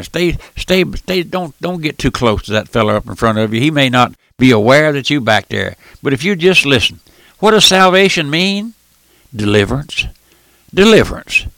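An older preacher delivers a radio sermon in a squeaky, folksy voice with a gravelly edge, rising and falling with fervor. He repeats himself and calls his listeners friends and folks. His tone is bright and forceful, recorded dry and close with no room sound.

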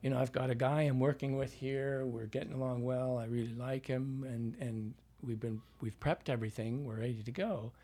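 Mellow, husky-voiced man telling stories. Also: medium pitch, steady tone, normal speed, few pauses. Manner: rambling storyteller with many fillers and restarts. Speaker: dialect coach. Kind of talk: interview anecdote.

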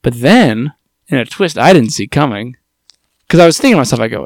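A man's voice: mid-range voice, sing-song, fairly quick, no echo, clean studio sound. A man co-hosting a podcast, recapping a TV show with joking, sarcastic asides and acted-out lines. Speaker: podcast co-host. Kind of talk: casual chat recapping TV.

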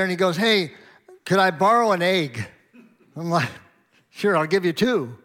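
A man's voice: sits high, a bit bright. A middle-aged pastor tells a sermon story in a slightly raised voice. He talks in a conversational, anecdotal way, chuckling now and then and acting out both sides of each exchange.

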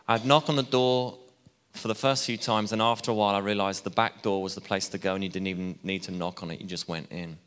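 A man's voice: fairly low pitch, steady tone, fast talker, fairly bright tone, clean tone. A man preaching a sermon in a chatty way, with asides and self-deprecating laughs. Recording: hall reverb.

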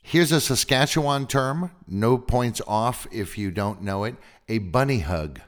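A man's voice: medium pitch, unhurried. A male podcast host from the United States, chatting casually and reading out notes to quiz his guest. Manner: curious, reads out notes and quizzes the guest. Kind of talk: casual chat. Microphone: remote call recording.

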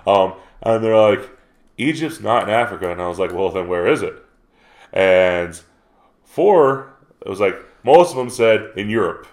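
Low male podcast co-host, lively anecdote teller. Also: unhurried. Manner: animated retelling with quoted dialogue. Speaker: geography teacher. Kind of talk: casual storytelling chat. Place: South Carolina.

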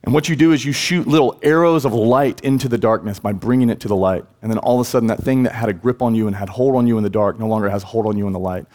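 A man's voice: fast, few pauses, darkish tone. Earnest male pastor preaching. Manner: earnest, rises in pitch for emphasis, acts out quoted words. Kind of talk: sermon. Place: church sanctuary.

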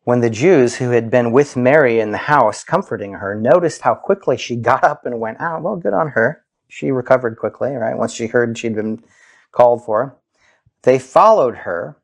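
Male pastor, gravelly, unhurried sermon delivery with big swings between high quotes and hushed asides. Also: expressive. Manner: slow, emphatic preaching, soaring high when quoting, dropping low and soft.

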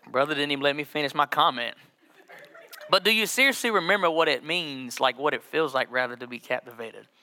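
A middle-aged man preaching a sermon as pastor, joking with the congregation and drawing out scripture slowly. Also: fairly high pitch, sharp tone. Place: church sanctuary with congregation.

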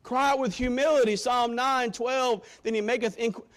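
A male preacher giving a sermon, quoting scripture in old-fashioned wording and swinging from shouted appeals to hushed, quiet lines. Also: extremely high pitch, steady tone, normal speed. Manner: impassioned, swinging from loud shouting to hushed tones.

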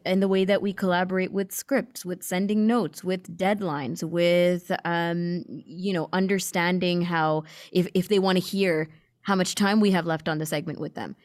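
Woman, co-host, earnest, explanatory, lowish voice. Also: a little mellow. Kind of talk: panel discussion.

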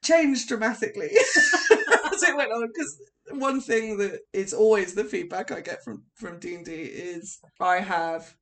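A woman's voice: mid-range voice, measured pace, hardly any pauses, slight background noise. Laughing young woman telling stories. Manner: animated storytelling, laughs often. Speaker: podcast co-host. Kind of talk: casual chat.

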